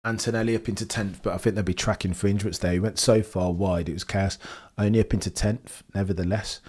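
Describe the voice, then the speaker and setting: Male streamer, lowish voice, chatty live commentary, bursts of excitement. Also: fast talker, husky. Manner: chatty, excitable, talks to chat by name. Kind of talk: casual live commentary reacting to timing.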